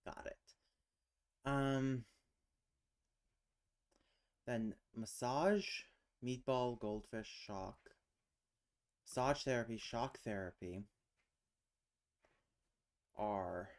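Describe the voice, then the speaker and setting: Speaking very slowly with long pauses, this man has a mid-range voice. He's a streamer hosting a casual language chat solo, working through a word puzzle aloud, muttering and drifting into questions to himself.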